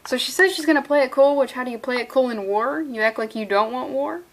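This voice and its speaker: Woman, sarcastic comedic comic-book review, profane riffing, fairly high voice. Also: fast talker.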